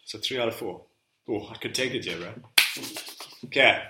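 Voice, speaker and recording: A man's voice: fairly low pitch, moderate pace, very noisy. A man co-hosting a casual football podcast, joking and laughing often as he guesses at quotes. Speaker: podcast co-host. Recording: roomy echo.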